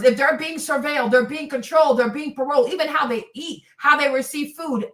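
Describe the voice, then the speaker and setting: A woman's voice: high voice, sharp tone, reverberant, far from the mic. A woman hosting a livestream, talking in an impassioned, rambling and profane way. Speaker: host. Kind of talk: livestream commentary.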